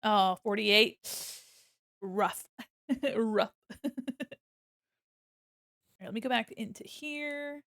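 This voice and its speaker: A woman's voice: on the high side, extremely slow, long pauses, a bit bright, no echo, studio quality. A woman streaming while she draws, chatting casually with her viewers, playful and mock-offended, laughing often. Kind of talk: casual live-stream chat while drawing.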